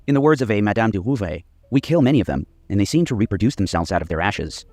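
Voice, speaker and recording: A man narrates a history documentary from a script, reading quoted accounts in a steady, measured way. His voice sits low and moves quickly. The recording is dry and close. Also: no echo, faint music behind.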